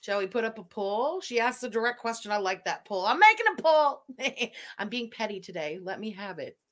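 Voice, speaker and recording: A blunt woman hosts a livestream with sarcastic commentary. Her voice sits a little higher than most, and her delivery is direct and dry. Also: sing-song, fairly quick. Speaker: livestream host.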